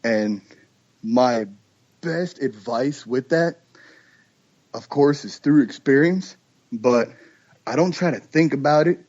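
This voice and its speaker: A man, a duck call maker, chatting casually on a podcast and telling lively stories with imitated calls. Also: medium pitch, slow pace, pauses often, highs cut off. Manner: animated storyteller, imitates duck calls and voices.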